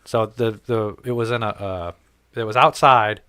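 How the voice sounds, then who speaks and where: A podcast host tells a story in casual conversation, his voice on the low side, moving at a moderate pace and sounding smooth on a dry recording. He's animated and profane, cursing freely and performing the lines people said.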